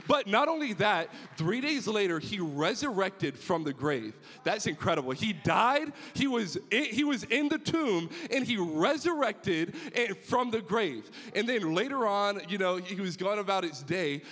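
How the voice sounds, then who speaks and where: A young man gives a youth sermon in a high, eager voice. He tells a personal story with rising excitement, often restarting his sentences. His voice carries a long reverb from a large hall. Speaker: youth pastor.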